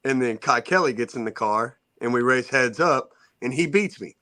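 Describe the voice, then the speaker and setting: Brief: man, casual co-host spinning an animated yarn, dry close sound. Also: medium pitch, normal speed, hardly any pauses, no echo. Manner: animated storyteller, acts out quoted voices. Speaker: podcast co-host telling a story. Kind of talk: casual storytelling chat.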